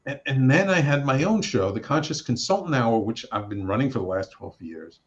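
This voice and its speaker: A middle-aged man telling a long personal story in a relaxed interview, voice sitting at an ordinary pitch for a man. He is animated, jumping up for the lines he quotes and stumbling into restarts. The recording is a bit dull and lo-fi. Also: brisk. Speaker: guest, radio network producer and host. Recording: slightly dull lo-fi sound.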